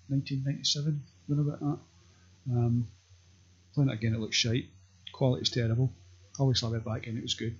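Scottish male vlogger, raspy and husky, crude deadpan rambler; muffled lo-fi sound. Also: medium pitch. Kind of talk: rambling comic monologue. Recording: dull lo-fi recording.

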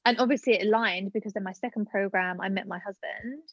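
A woman's voice: mid-range voice, quick pace, fairly bright tone, husky, no room sound, dull audio. A woman in her late twenties, telling a personal story in casual chat with lots of fillers. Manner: chatty storytelling, many fillers. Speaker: guest.

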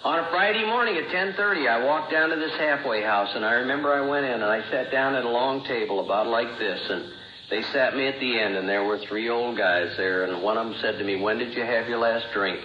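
A man with a mid-range voice talks fairly quickly through his personal testimony at a recovery meeting, plainly recounting events and acting out the dialogue. The old recording is roomy and dull, with a little hiss or hum.

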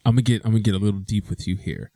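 A man with a lowish voice co-hosts a casual chat, lively and acting out little quoted voices as he makes his point. The sound is dry and close, with no room around it. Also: very fast, no echo. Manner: animated, acts out quoted voices. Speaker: podcast co-host.

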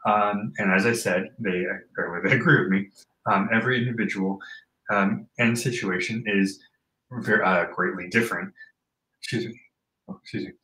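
A man's voice: lowish voice, steady tone, pushed and bright. Earnest man talking in an echoey room. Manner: earnest, halting, many fillers and restarts; reads from a list aloud. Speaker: host talking about mental health. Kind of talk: casual personal talk.

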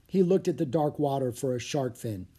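An audiobook narrator reading a children's adventure aloud, steady and clear, shifting slightly into each character. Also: mid-range voice, moderate pace. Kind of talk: storybook read-aloud.

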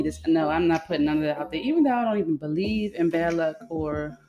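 A woman's voice: deep voice, expressive, fast talker, mellow, lo-fi sound. A woman hosting a podcast, venting in a frank, exasperated solo monologue with loose, run-on storytelling and free swearing. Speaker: podcast host.

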